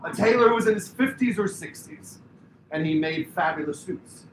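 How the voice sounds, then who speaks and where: A middle-aged man with a high voice tells a story at a memorial, animated and quick to laugh, loose with his "like"s. He sounds distant from the mic in an echoing room, with steady noise behind him. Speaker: former talent agent giving a memorial tribute. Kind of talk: anecdotal eulogy storytelling. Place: indoor memorial gathering.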